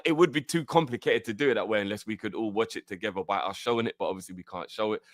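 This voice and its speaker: A man hosting a live fan reaction stream, excitable and full of slang. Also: medium pitch, no echo, clean studio sound. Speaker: fan channel host.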